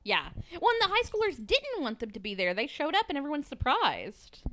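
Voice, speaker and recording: A woman's voice: sits high, wildly swooping pitch, brisk, fairly bright tone. A woman from the American South co-hosting a podcast, chatting casually and laughing often. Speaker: podcast co-host. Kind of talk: casual chat. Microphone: desk microphone.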